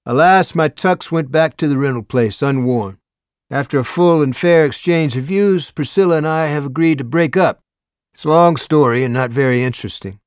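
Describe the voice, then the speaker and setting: A man's voice: on the high side, moderate pace, clean tone, no room sound, clean studio sound, pitched above the performer's own voice, lightly acted. A man doing a charming, wry young man. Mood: amused. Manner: mock-formal, joking.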